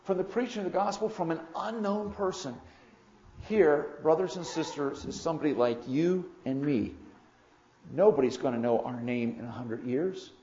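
A man preaching a sermon as pastor, swelling suddenly loud for emphasis and slowing to stress key words. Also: a little high, roomy sound, lo-fi sound, a little hiss or hum.

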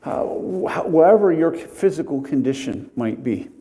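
A man preaching an expository sermon, deliberate and conversational, pausing to stress key words and drifting into homely asides. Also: fairly high pitch, expressive, mellow.

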